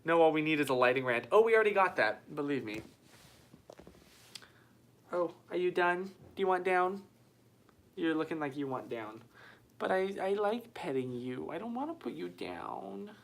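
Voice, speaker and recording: A man's voice: on the high side, lively intonation, moderate pace, vocal fry, long pauses. A man hosting a casual live stream from a small white-walled room, chatty and self-mocking, reading viewer comments aloud into a phone.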